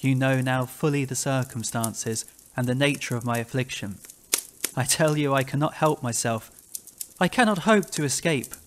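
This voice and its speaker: A man's voice: high voice, normal speed, noisy background, pitched above the performer's own voice, close to an everyday voice. A man voicing a haunted, terrified captain in a dramatic reading of a classic ghost story, pleading desperately and breaking into frantic cries. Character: haunted, terrified middle-aged male captain.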